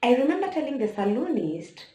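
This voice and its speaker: This young Kenyan-accented vlogger has a high, sing-song, mellow voice and speaks briskly. She tells an emotional personal story, speaking directly to her viewers from an echoey room.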